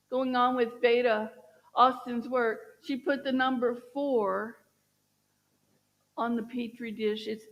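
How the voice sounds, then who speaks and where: A woman minister giving a sermon, gently encouraging and asking her listeners questions. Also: a little high, big-room sound, poor audio. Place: church sanctuary.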